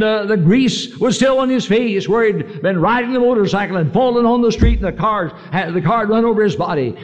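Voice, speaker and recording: A man preaching a sermon, telling a story earnestly and then leading a heartfelt altar call. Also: high voice. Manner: earnest, fervent storytelling, pleading invitations. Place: large church meeting hall. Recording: lo-fi live recording in a large hall.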